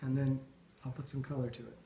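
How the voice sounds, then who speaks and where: A man's voice: medium pitch, flat delivery, fast talker, creaky, dark tone, a little hiss or hum. Thoughtful man giving a dinner toast. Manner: thoughtful, with frequent ums and restarts. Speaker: toast speaker at a Burns supper. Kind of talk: informal after-dinner toast. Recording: echoey dining hall.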